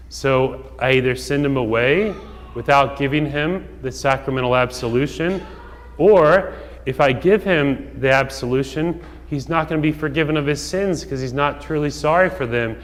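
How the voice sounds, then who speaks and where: A man, a priest, giving a homily in a relaxed storytelling way, with casual asides and fillers. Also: mid-range voice. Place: church. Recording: long church reverb.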